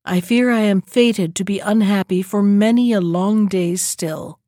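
A woman voicing a sad young enchanted prince in a storybook, gentle and mournful. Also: medium pitch, unhurried, dry recording, studio quality, close to an everyday voice.

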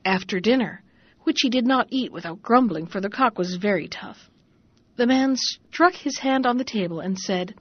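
A woman hosting a story show, reading a fairy tale aloud in a calm, measured way, in a dull lo-fi recording. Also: a little high, no echo. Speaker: storyteller host.

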